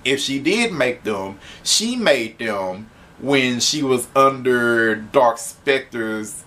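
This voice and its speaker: A man's voice: mid-range voice, lively intonation, drawn-out words, pushed and bright. Man with a mid-range voice doing a loose, chatty comic review, laughs a lot, swears freely. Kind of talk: casual spoken review.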